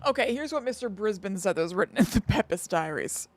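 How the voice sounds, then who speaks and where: A woman's voice: mid-range voice, animated, quick pace, slight background noise. A woman co-hosting a podcast, chatting casually and reading an old text aloud, correcting herself and giggling. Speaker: podcast co-host.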